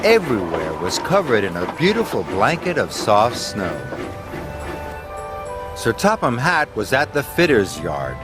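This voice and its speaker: A man reading a children's railway story aloud as narrator. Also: medium pitch. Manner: slow, expressive storytelling. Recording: music underneath.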